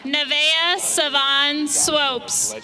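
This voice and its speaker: Woman, high voice, announcer, reading graduates' names clearly, outdoor ceremony. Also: very slow, a crowd in the background, poor audio. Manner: clear, steady enunciation of each name. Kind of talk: unhurried name reading.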